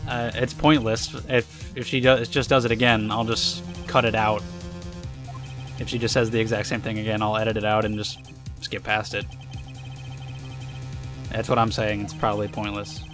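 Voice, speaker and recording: A young man giving casual, excitable commentary while playing a game, swearing often. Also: lowish voice, moderate pace, pauses often, music in the background. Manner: excitable, swears a lot, angry outbursts. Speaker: let's play gamer.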